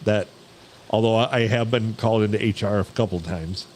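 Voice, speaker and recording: A man's voice: fairly low pitch, fairly quick, a little mellow, slight background noise, rough recording. A male podcast co-host with a wry, dry humor in casual chat.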